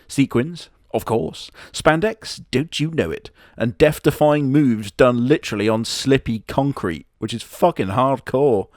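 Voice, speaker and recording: A man's voice: mid-range voice, measured pace, hardly any pauses, a little mellow, no echo, studio quality. Sarcastic, crude man riffing on anime. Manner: sarcastic, crude, mocking asides. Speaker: anime reviewer. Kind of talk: comedic anime commentary.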